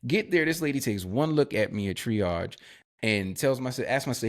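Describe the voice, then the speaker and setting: A man's voice: medium pitch, moderate pace. A man co-hosting a podcast, telling a personal story in casual slang and acting out the people in it. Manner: animated storyteller, acts out quoted dialogue. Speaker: podcast co-host. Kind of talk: storytelling in a live podcast chat.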